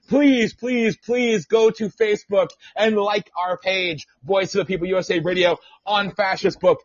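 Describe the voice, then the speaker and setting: A man's voice: high-pitched, moderate pace, few pauses, dry recording. A man hosting an online talk-radio show, rambling, profane and self-mocking. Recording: lo-fi with music behind.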